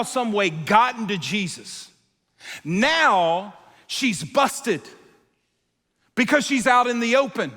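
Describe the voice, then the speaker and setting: A male pastor preaching a sermon, telling a story with animated acted-out voices and dropping to quiet, intense moments. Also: high voice, long reverb tail. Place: church auditorium.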